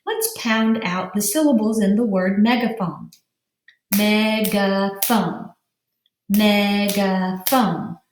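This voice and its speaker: A woman teaching words to young children speaks in an expressive, somewhat mellow mid-range voice. The sound is roomy with slight hiss or hum, and she stretches syllables slowly while spelling letters out loud.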